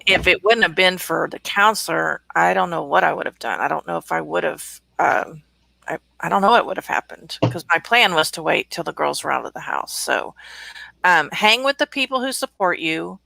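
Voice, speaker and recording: A woman hosts a relaxed livestream chat and reads out viewer comments. Her voice is gravelly and has a sharp, bright edge. The sound is close and dry. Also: fairly low pitch, normal speed, dry recording. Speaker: host.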